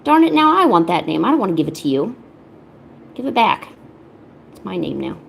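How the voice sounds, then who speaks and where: An art streamer chats casually at home while painting, her medium-pitched, sing-song voice a little fast and creaky, with a slight hiss or hum. She's laid-back and teasing, slipping into playful baby talk with her cats.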